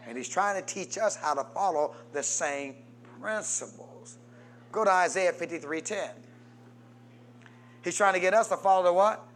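A male pastor delivers a sermon at a normal speed, calling on the congregation to respond. He moves between loud, emphatic calls and low, quiet asides, with a little background noise.

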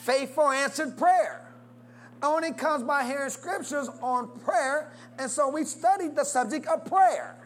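Here a preacher speaks a little slowly over a faint hiss or hum. Again and again he calls on the congregation to answer his questions and to say amen, his call-and-response delivery swinging widely in pitch and loudness.

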